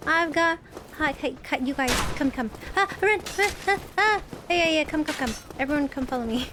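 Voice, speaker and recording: A woman's voice: sits high, fairly quick, noisy background. A woman streaming a video game live, commenting as she plays, nervous and swearing, talking to the enemies on screen and laughing at her own fear.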